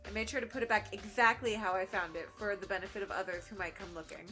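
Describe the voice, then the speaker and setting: Bright, bubbly woman co-host. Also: mid-range voice, steady tone, fast, soft background music. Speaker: let's play co-host. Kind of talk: playthrough commentary, reading game lines aloud.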